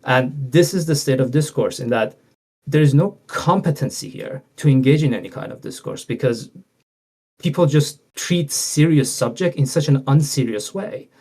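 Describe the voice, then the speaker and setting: Male guest, mid-pitched, explains ideas at length in a lecturing tone. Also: normal speed, a little mellow, slightly rough. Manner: explanatory, lecturing, acts out quoted speakers. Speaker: political commentator guest. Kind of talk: conversational political discussion.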